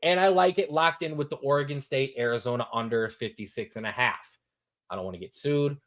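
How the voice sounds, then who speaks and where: A man hosting a sports talk show, giving his betting picks in a lively, repetitive, hyped-up way. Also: medium pitch, a little fast. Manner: animated, repetitive, hypes picks.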